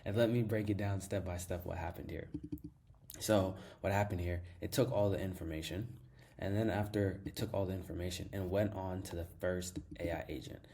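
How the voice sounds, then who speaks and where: A man with a low, deep voice guides viewers through a software demo in a casual, upbeat way. His tone is mellow and relaxed, and he leans on fillers and restarts as he explains each step. He sounds like he is talking into a desk mic while sharing his screen. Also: fairly quick. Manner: enthusiastic, fills with "like" and repeats himself. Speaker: tutorial host. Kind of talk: casual screen-share tutorial.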